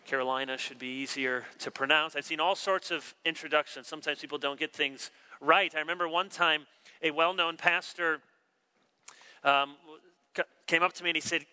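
A man preaching a sermon as pastor, reading scripture with measured emphasis and telling stories with dry humor. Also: a little high, steady tone, pushed and bright, clear, resonant tone.

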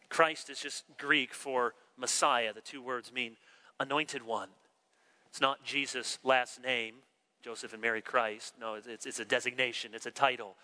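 A man's voice: medium pitch, unhurried, poor audio. A man, preaching an expository sermon and acting out the voices he quotes. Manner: animated, acts out quoted voices. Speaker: pastor.

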